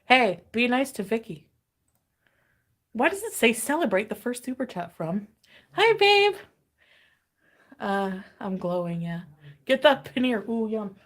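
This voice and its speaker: A woman's voice: on the high side, sing-song, measured pace, pauses often. A woman chatting casually on a livestream, tired and giddy, greeting viewers with bubbly squeals. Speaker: livestream host.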